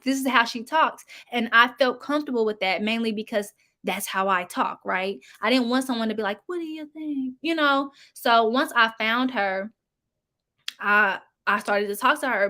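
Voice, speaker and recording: A woman's voice: on the high side, sharp tone. A young woman YouTuber chatting frankly and casually, speaking straight to her viewers. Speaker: commentary YouTuber. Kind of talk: casual commentary chat.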